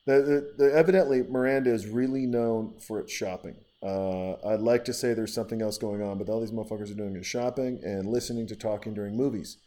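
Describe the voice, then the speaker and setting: A man's voice: lowish voice, fairly even intonation, fairly quick, hardly any pauses. Rambling, profane male podcast host. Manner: rambling, profane, riffing with listener shout-outs. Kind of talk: casual podcast chat.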